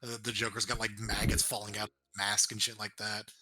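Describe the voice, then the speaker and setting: A man's voice: on the low side, completely flat delivery, fast, heavy background noise. A man co-hosting a casual film review chat, laid-back and joking, swearing now and then. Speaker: podcast co-host.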